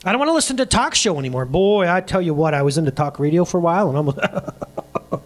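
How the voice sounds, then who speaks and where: A middle-aged male pastor delivers a sermon in a fairly high voice. His pitch swings widely as he talks in an animated way. He laughs easily and slips into the voices of the people he quotes. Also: fast.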